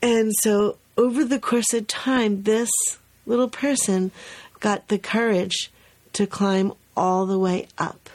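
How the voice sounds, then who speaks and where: A woman's voice: mid-range voice, slow pace. A woman hosting a podcast in casual chat, telling a story with lots of laughs and acting out the quotes. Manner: lively storyteller, acts out quotes, laughs often. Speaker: podcast host.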